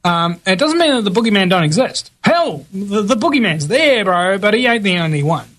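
A man's voice: sits high, very animated, moderate pace, a bit bright. A man hosting a talk radio show, reading the news with blunt slangy asides and many fillers and restarts.

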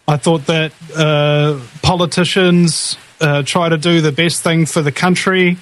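Male talk host, slightly high voice, emphatic, halting delivery. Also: little pitch movement, fairly bright tone. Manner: emphatic, hesitant with many uh's. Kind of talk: casual conversation.

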